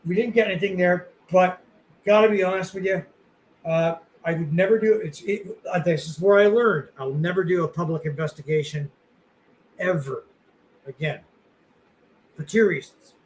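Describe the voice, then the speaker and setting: A man's voice: high voice, moderate pace, long pauses, slight background noise, poor audio. A man co-hosting a podcast, chatting casually in a rambling, blunt way with lots of fillers and the odd curse. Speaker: podcast co-host.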